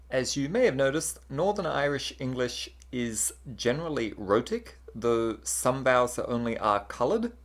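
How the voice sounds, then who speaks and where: Lively scripted lesson narrator. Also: mid-range voice.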